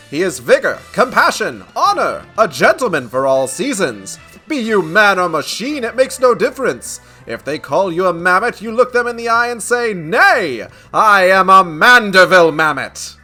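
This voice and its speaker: A man playing a grandiloquent gallant gentleman. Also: high-pitched, big pitch swings, moderate pace, few pauses, faint music behind, voice pushed up, full character voice. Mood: rousing. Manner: theatrical, grandiloquent. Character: pompous gallant gentleman, male adult.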